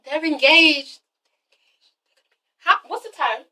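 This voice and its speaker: A young woman reviewing a TV episode in an excited, casual vlog, gushing and swearing as she tells the story. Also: sits high, takes it slowly, far from the mic, rough recording. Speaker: TV show reviewer.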